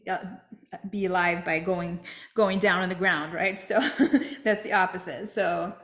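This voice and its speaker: A woman's voice: fairly low pitch, measured pace, a bit bright, reverberant. A woman teaching a flute masterclass, explaining step by step and checking in with "right?".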